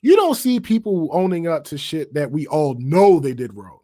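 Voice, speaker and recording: A man's voice: fairly high pitch, very animated, normal speed, dark tone. A man co-hosting a podcast in casual chat, blunt and profane, often laughing. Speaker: podcast co-host.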